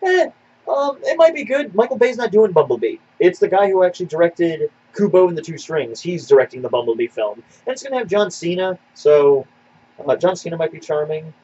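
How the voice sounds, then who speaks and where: Husky, dull-sounding man rambling casually. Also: high voice, fairly quick. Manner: rambling, animated, lots of fillers and restarts. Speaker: podcast co-host. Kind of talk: casual chat answering viewer questions.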